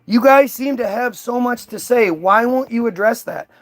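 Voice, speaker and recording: A man's voice: extremely high pitch, normal speed. A man hosting a livestream, mocking and confronting his commenters in a profane, combative rant. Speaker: livestream host. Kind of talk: ranting at commenters.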